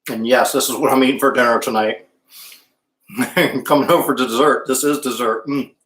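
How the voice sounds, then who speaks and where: A man's voice: medium pitch, steady tone, normal speed, a bit bright, reverberant. A man hosting a casual live-stream cooking show, chatting with viewers and humming while he tastes. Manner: chatty, stops to hum while tasting.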